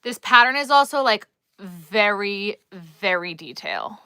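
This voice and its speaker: A woman's voice: medium pitch, lively intonation, takes it slowly, sharp tone, clean tone, dry recording. A woman with a Long Island accent hosting a crochet live stream, chatting casually and thinking aloud as she works and reads the chat.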